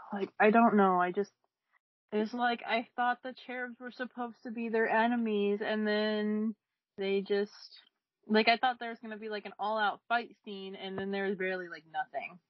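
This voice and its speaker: A woman's voice: mid-range voice, steady tone, normal speed, dry recording, lo-fi sound. Hesitant giggly woman, dry sound. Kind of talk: casual fan chat.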